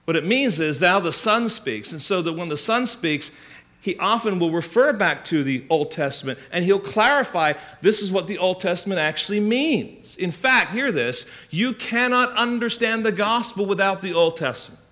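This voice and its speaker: A man preaching to a congregation in a somewhat high voice. He teaches scripture earnestly, pressing his points with rhetorical questions and answering them himself. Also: expressive, normal speed, sharp tone. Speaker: pastor. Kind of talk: sermon.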